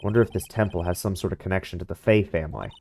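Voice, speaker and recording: A man's voice: deep voice, very fast, darkish tone, a little hiss or hum. A man voicing a wry, easily exasperated young lawyer in a game fan dub, talking in a dry, sarcastic way.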